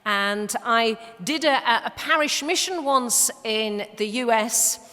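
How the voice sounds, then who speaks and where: Yorkshire woman in her 60s, mission speaker, unhurried and fairly high, church reverb. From Leeds, northern England. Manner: warm storytelling with humorous asides, some hesitations. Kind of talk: church talk with anecdotes. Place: large church.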